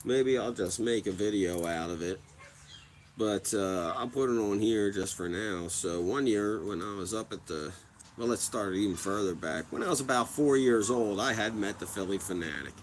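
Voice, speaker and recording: A man in his thirties hosts a casual livestream, telling a rambling story with many restarts and frequent swearing. His voice is lowish and moderately paced, with a little hiss or hum on the recording.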